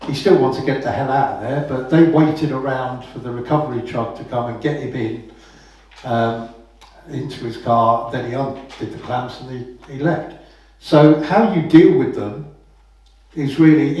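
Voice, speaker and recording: A man's voice: mid-range voice, a little mellow. A man giving a casual, anecdotal talk as a common law speaker, often asking "right?" after his points. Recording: very echoey room, voice from far off the mic.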